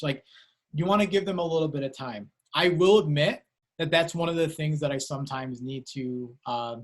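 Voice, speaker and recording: A man's voice: fairly high pitch, moderate pace. A man giving an online university lecture over a video call, talking casually with many fillers and self-corrections.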